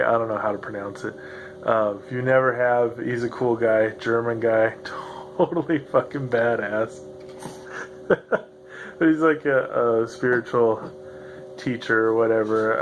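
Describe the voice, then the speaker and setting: Laughing as he goes, a podcast host rambles through a loose, profane solo episode recorded at home beside a noisy, grinding computer fan. His voice is mid-range with the highs cut off, and slight background noise is audible.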